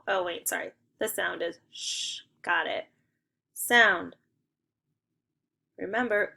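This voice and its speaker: A young woman teaching an online spelling lesson to second graders, upbeat and encouraging, giving clear step-by-step instructions. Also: medium pitch, sharp tone.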